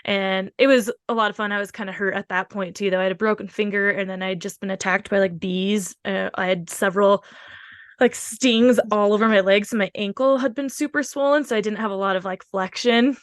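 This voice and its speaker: A woman's voice: mid-range voice, fairly even intonation, a little fast, dry recording, studio quality. A woman hosting a podcast, chatting casually and rambling with lots of fillers. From Pacific Northwest of the US. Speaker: podcast host.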